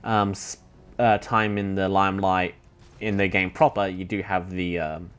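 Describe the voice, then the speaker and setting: A man's voice: sits low, level tone, unhurried, a bit bright, clean tone. Young man chatting over gameplay. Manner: eager, rambling explainer with many fillers. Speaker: gameplay commentator. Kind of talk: casual let's play chat.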